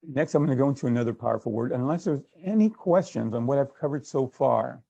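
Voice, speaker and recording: A man's voice: medium pitch, lively intonation, fast talker, gravelly, warm tone, slightly rough, dry recording, dull audio. A man giving a sales training workshop, conversational, acting out little exchanges as he goes. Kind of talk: workshop talk.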